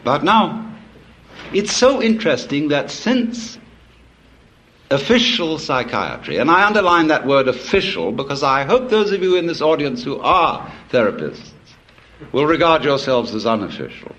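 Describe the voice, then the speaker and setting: A man's voice: a little high, very animated, moderate pace, fairly bright tone, slight background noise. A man giving a public lecture, telling stories in a wry, discursive way with frequent asides.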